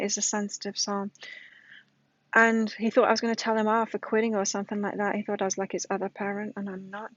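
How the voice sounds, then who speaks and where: A woman's voice: medium pitch, monotone, quick pace, a bit bright, no room sound, muffled recording. A middle-aged woman giving a casual weekly tarot reading, emphatic, repeating her points and telling stories to make them. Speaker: tarot reader.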